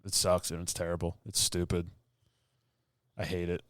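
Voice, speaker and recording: A man's voice: sits low, completely flat delivery, normal speed, fairly bright tone, dry recording, clean studio sound. A man co-hosting a podcast, ranting in casual chat with mocking mimicry and blunt complaints. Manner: ranting, exasperated, mocking quotes. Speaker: podcast co-host.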